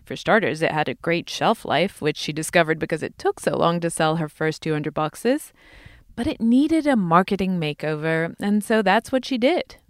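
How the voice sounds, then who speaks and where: A woman co-host with a lowish voice reads scripted narration in an even, explanatory tone. The sound is dry and close-miked. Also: moderate pace, no echo. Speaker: podcast co-host.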